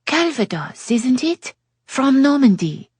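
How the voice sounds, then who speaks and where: Worldly flirt with a French lilt, read by a woman narrator, breathy and close-miked. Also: big pitch swings, a little mellow, dry recording, heavily acted. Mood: teasing. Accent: put-on French. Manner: playful, drawn-out, high and lilting.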